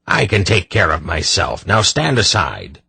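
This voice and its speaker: A man voicing a gnarled, ill-tempered old hunchback sorcerer in an audiobook, gruff and later putting on a lilting brogue. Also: low-pitched, wildly swooping pitch, measured pace, pushed and bright, no room sound, exaggerated voice. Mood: angry.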